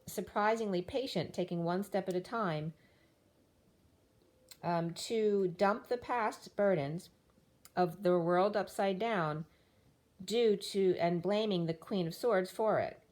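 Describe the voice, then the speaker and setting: A woman's voice: lowish voice, a little mellow. A woman giving a tarot reading, listing card meanings in loose fragments while losing her voice. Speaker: tarot reader.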